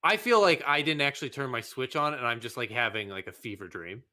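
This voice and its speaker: A man's voice: medium pitch, brisk, pushed and bright. A man hosting a let's play, commenting on his gameplay in an exasperated way and swearing often. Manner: exasperated, swearing, frustrated ranting.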